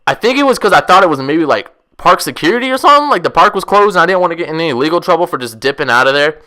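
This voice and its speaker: Excitable, profane young man telling a story. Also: fairly high pitch, very fast. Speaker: vlogger. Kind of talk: casual storytelling.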